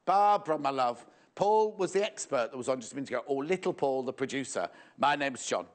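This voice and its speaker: A man's voice: mid-range voice, expressive, a little fast. A man presenting a live shopping show in a playful, jokey, chatty way, reading out viewer messages.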